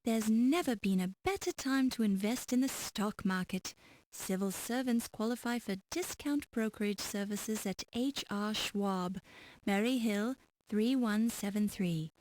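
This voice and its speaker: A woman's voice: medium pitch, a little slow, darkish tone, slight background noise, natural voice. A woman reading scripted narration and notices for a 1990s adventure game. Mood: calm.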